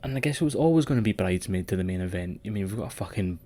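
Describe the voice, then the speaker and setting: A man's voice: low voice, expressive, very fast, warm tone. A man co-hosting a wrestling podcast in sweary, rambling casual chat. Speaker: podcast co-host.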